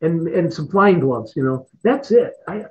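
With lively intonation and a measured pace, a middle-aged man whose voice runs on the high side shares stories as an interview guest. A retired fighter pilot, he rambles, repeats words, and laughs frequently, heard through a tinny phone-like line.

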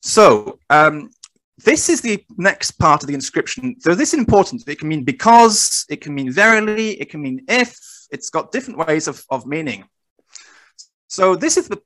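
A man presenting and explaining slides in a recorded discussion, talking in a measured, self-correcting way. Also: on the high side, very animated, fairly bright tone. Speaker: guest presenter.

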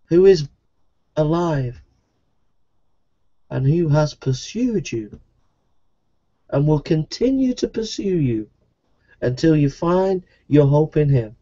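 A man's voice: a little high, lively intonation, slow, long pauses, mellow, highs cut off. A man preaching a sermon in an earnest, repetitive evangelistic style.

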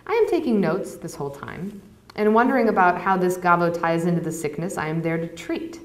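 A woman author reading her novel aloud to an audience at a university, in measured, even first-person narration. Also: lowish voice. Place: university lecture hall. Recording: echoey hall.

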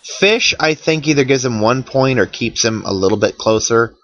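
A man's voice: mid-range voice, moderate pace, fairly bright tone, dull audio. A man giving casual, wry commentary over a game he is playing, sounding worn out. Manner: chatty, wry, tired and yawning. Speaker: let's play commentator.

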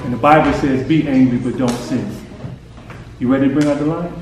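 In a hands-on faith session, a man coaches a boy, urgent and encouraging, driving him on with short commands. His medium-pitched voice is a little fast, captured by a distant mic in a noisy, echoey room.

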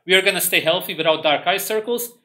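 A man's voice: high voice, fast talker, sharp tone, voice pushed up. A bossy tribe hunter mocks the others and hands out orders, as a man plays him. His tone is sneering and commanding. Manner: mocking, bossy.

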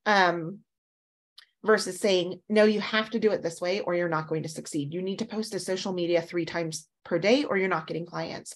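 A woman photography mentor talking casually on a panel, lively and animated when she tells stories. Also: lowish voice, normal speed. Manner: lively storyteller, animated quotes.

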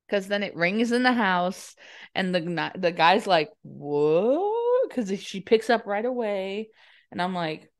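A young adult woman co-hosting a podcast, giving a chatty, giggly movie recap and briefly acting out the characters' lines. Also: on the low side. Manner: chatty, giggly, dips into quoted voices. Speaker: podcast co-host. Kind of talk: casual movie recap chat.

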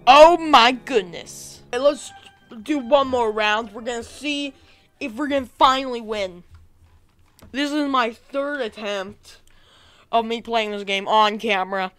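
Hoarse, excitable woman gamer. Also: on the high side, unhurried, soft background music. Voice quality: raspy. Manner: chatty, thinks aloud, bursts into excited cheering. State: hoarse from being sick. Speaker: gaming video creator. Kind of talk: casual let's-play commentary.

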